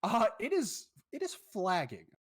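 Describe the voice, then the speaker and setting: A man's voice: high voice, huge pitch swings, measured pace. A man narrating a tabletop game as the game master, describing scenes in a loose, descriptive way.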